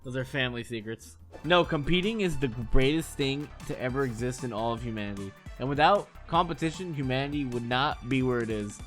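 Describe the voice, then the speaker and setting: A man in his late thirties who streams, spinning crude, rambling tales and laughing at his own jokes. His voice sits at an ordinary middle pitch, and faint music hums behind him. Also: brisk, hardly any pauses, fairly bright tone. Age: 30s. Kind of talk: casual storytelling chat.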